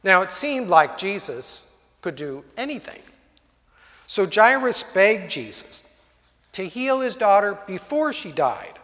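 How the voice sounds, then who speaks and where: A man's voice: sits high, very animated, slow pace, fairly bright tone. A male preacher telling a story in a sermon, vivid and dramatic, in a church hall. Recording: long hall reverb.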